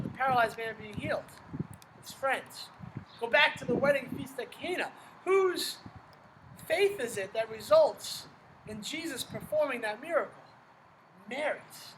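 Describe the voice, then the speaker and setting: A man's voice: extremely high pitch, noisy background. A man teaching a casual Bible lesson outdoors under an umbrella in the rain, conversational and full of rhetorical questions. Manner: conversational, asks rhetorical questions, says "right?" often. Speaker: religion teacher.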